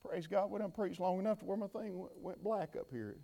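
High-voiced impassioned preacher man. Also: a little fast, creaky, warm tone, a little hiss or hum. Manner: impassioned, repetitive preaching cadence. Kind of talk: sermon.

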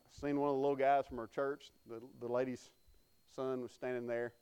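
A man's voice: mid-range voice, flat delivery, a little fast, a little mellow, smooth, highs cut off. A man preaching a sermon, telling folksy stories and calling on the congregation to respond. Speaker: pastor.

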